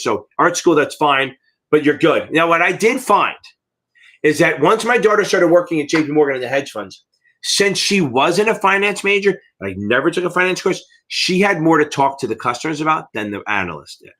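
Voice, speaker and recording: A man's voice: fairly high pitch, lively intonation, brisk, a bit bright. Blunt, profane middle-aged American man. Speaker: exam prep instructor. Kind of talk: live Q&A teaching.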